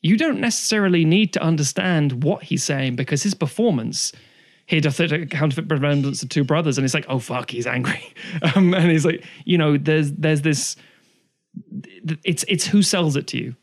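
Man, slightly high voice, rambling, sweary, digressive, casual podcast co-host. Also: moderate pace. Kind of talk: casual chat.

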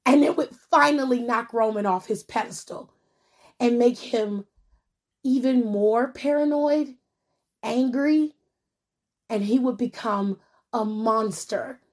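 A woman giving blunt, profane wrestling commentary in a casual, sassy way. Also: on the high side.

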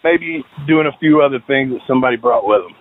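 A man hosting a podcast, telling a long story in a relaxed, steady way. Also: mid-range voice, fast, dry recording, phone-quality sound. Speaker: podcast host. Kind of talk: casual storytelling.

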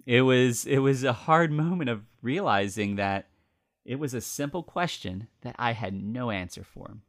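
A man's voice: medium pitch, expressive, moderate pace, fairly bright tone. A man hosting a faith podcast, telling a personal story in an earnest, reflective way. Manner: earnest, with fillers and restarts. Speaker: podcast host.

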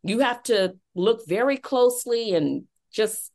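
A woman hosting a podcast interview, explaining public speaking in a measured, explanatory way. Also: a little high, expressive, a little mellow. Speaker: podcast host and speaking expert.

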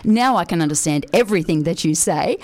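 A woman hosting a morning radio show, bubbly and animated as she asks questions. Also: lowish voice, brisk. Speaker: radio host.

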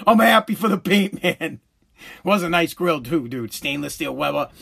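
A man's voice: a little high, normal speed, gravelly, husky. A middle-aged man hosting a podcast, telling stories in a loose, profane monologue with frequent laughter. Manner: animated storytelling, laughs often, swears freely. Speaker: podcast host.

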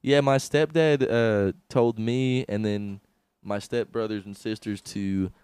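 A man's voice: lowish voice, steady tone, takes it slowly, a little mellow, clear, resonant tone, no room sound. A young man co-hosting a comedy podcast, laughing often and telling crude jokes in casual chat. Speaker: podcast co-host.

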